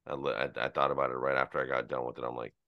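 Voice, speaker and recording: A man's voice: rumbling low, flat delivery, very fast, no room sound, muffled recording. A man chatting casually as a podcast co-host, rambling through a story with many fillers.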